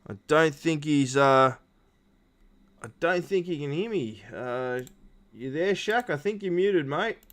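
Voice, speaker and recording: A man's voice: a little high, expressive, takes it slowly, fairly bright tone. A man hosting post-race interviews on a live stream, rambling with lots of fillers and restarts. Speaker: stream host.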